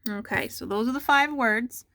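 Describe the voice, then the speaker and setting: A woman teacher dictating a spelling test to students at home, repeating each word slowly and giving patient instructions. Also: on the high side, sharp tone, no room sound, studio quality. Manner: slow, deliberate dictation with repeated words.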